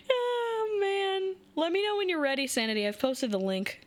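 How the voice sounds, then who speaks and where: A woman's voice: extremely high pitch, lively intonation, no room sound. A woman hosting a stream, chatting casually with friends and keeping the watch-along moving. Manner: brisk, organizing the watch-along. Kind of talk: casual chat on a group call.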